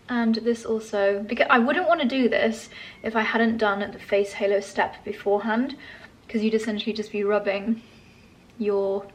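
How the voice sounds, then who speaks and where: Chatty woman vlogging her skincare. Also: medium pitch. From England. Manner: chatty and gushing, with soft laughs. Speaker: lifestyle vlogger. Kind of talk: casual vlog chat.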